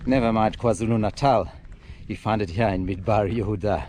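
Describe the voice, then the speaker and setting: A man's voice: fairly low pitch, fairly quick, noisy background. A man guiding a trail run and narrating a vlog on desert hills, upbeat and joking as he explains the landmarks. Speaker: trail running tour guide. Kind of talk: outdoor vlog commentary.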